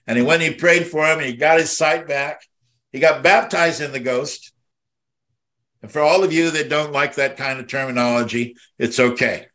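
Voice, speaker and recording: An older man, a minister hosting a devotional podcast, speaks in a fairly bright voice that sits on the high side. His pace is measured with long pauses, and his talk is impassioned and rambling, swelling with heartfelt feeling when he's moved.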